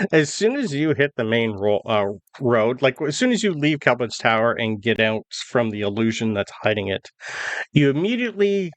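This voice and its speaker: A man narrates as game master for his tabletop group. His voice sits at a middle pitch and his manner is casual and unhurried, with fillers as he sets the scene. The recording is dry and close. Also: no echo.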